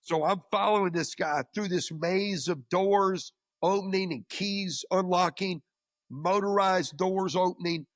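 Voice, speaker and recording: A man's voice: high voice, unhurried, no echo, clean studio sound. A man as an interview guest, recounting a story in a casual, anecdotal way and often repeating words as he goes. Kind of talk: storytelling in conversation.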